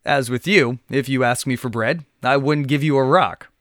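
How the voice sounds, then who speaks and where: A man's voice: medium pitch, moderate pace, fairly bright tone, no room sound, studio quality, lightly acted. A man voicing a weary, kindly village father who speaks in a groggy, patient way in a read-aloud Bible story.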